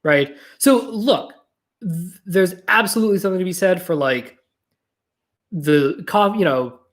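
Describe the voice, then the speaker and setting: A podcast host from New Mexico, musing aloud in a casual solo monologue. The talk wanders and restarts often, laced with swearing, slowing to a drawl on some thoughts and rushing through others. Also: medium pitch. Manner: rambling, profane, self-correcting.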